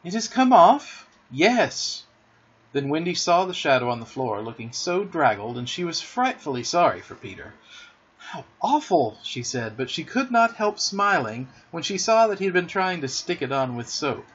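Husky man reading a storybook aloud. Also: fairly high pitch, moderate pace, few pauses, dull audio. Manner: expressive, dramatic storytelling. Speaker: narrator.

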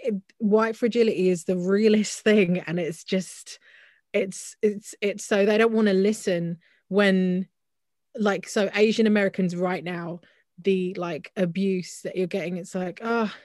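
A woman's voice: mid-range voice, fairly even intonation, normal speed, darkish tone, no room sound. Candid woman, dry close sound. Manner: heated, talks in restarts with frequent "like". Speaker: podcast co-host. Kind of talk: casual chat.

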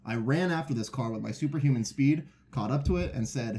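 A man's voice: mid-range voice, fast talker, creaky, hardly any pauses, mellow, a little hiss or hum. A man who plays in a band, a guest on a casual podcast, telling stories in a rambling, easygoing way. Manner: rambling storyteller.

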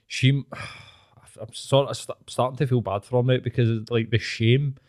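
A man's voice: mid-range voice, normal speed. Scottish guy hosting a podcast, tells stories with loads of swearing and laughs. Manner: animated storytelling, swearing, laughing often. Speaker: podcast host. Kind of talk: casual chat.

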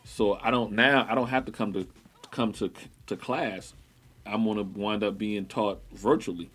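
Bright-voiced, animated sports-chat man. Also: fairly low pitch, normal speed, husky. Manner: animated, repeats himself, laughs often. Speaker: sports talk co-host.

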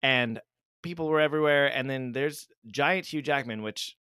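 A man's voice: mid-range voice, normal speed, bright, forceful tone, clean tone, dry recording, clean studio sound. Rambling, joking man co-hosting a podcast. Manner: self-deprecating. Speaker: podcast co-host. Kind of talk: casual podcast chat.

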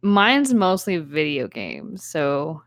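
A woman co-hosting a casual podcast, bubbly, teasing, and quick to laugh. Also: deep voice, very animated, fairly bright tone, no room sound, clean studio sound. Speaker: podcast co-host.

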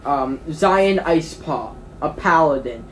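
A game master narrating a tabletop game in a rambling way, with many pauses and restarts. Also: mid-range voice, animated, a little hiss or hum.

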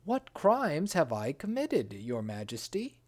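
Cast a reader doing a condemned storybook physician, slow and imploring. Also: medium pitch, wildly swooping pitch, full character voice. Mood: pleading. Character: innocent male physician pleading for his life.

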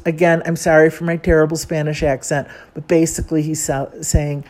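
A woman's voice: low-pitched, little pitch movement, moderate pace, few pauses, mellow. A woman from Chicago talking casually and chattily, wandering off on side notes and poking fun at herself. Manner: chatty, digressive, self-deprecating. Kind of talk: casual monologue.

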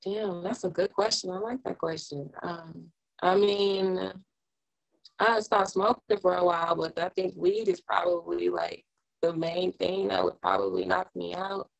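A woman's voice: on the low side, fairly even intonation, measured pace, creaky, lo-fi sound. A young woman rapper chatting casually in an interview, laid-back, with lots of "um" and "like". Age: young adult. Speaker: rapper guest.

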